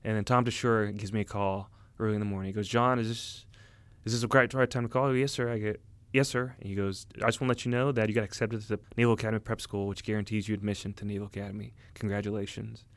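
Earnest man, low dry voice. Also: steady tone, fast, no room sound. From United States. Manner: earnest storytelling, many fillers and restarts. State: emotional, near tears. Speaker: interview guest, Army officer. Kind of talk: casual conversation.

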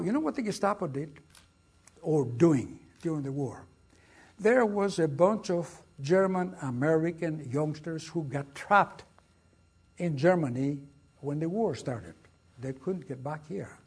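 Husky older Greek-accented man telling war stories. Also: on the high side. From Greece. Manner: lively, dramatic storytelling with acted quotes. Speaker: guest speaker. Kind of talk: storytelling lecture.

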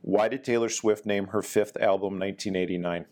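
Man, very deep voice, podcast host, casual interview, quick joking questions. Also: steady tone, a little mellow. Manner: upbeat, joking quizmaster. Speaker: podcast host, command chief.

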